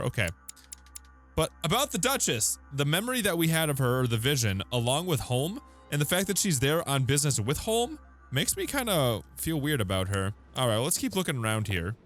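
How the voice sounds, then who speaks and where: A chatty young man giving let's play commentary on a video game, laughing often. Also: on the high side. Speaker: gaming YouTuber.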